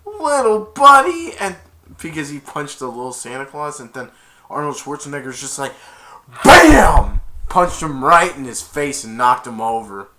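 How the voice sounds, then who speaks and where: A young man, an amateur reviewer, excitedly retells a movie scene by scene and acts out the characters' lines. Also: mid-range voice, moderate pace.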